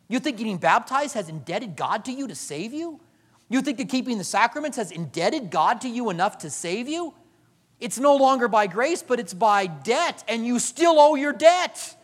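A man preaching a sermon as pastor, animated, acting out quoted voices and swinging from loud to hushed. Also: high voice, normal speed, husky, big-room sound.

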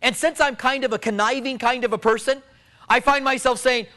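A male pastor preaching a sermon, storytelling with loud emphasis that drops to low hushed tones. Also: fairly even intonation, brisk.

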